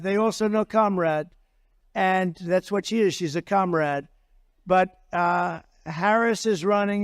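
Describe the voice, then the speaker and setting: A man's voice: high-pitched, clear, resonant tone, dry recording, clean studio sound. An older man giving a campaign rally speech, rambling and repeating himself with boastful asides. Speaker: political candidate. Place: political rally stage.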